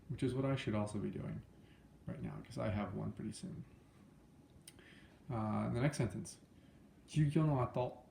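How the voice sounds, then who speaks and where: Young guy teaching a lesson, chill and rambly, lots of ums, dark mellow voice, echoey room. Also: on the low side, creaky, a little hiss or hum. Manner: loose and chatty, many fillers and self-corrections. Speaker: language teacher. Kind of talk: casual spoken lesson.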